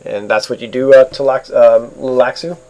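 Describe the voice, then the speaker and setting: A man narrating as game master for an online tabletop game, halting with many fillers and restarts. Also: mid-range voice, fairly even intonation, a little mellow. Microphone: online voice chat.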